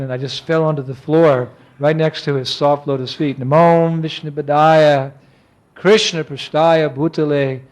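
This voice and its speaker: A monk in his sixties gives a storytelling lecture in a mid-range voice. He's animated, acting out the people he quotes and chuckling often.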